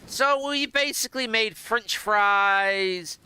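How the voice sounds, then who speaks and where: A man's voice: high voice, very animated, unhurried, sharp tone, clear, resonant tone. A man giving casual, rambling gameplay commentary and reading out dialogue choices, often hesitating and restarting. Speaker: gameplay streamer.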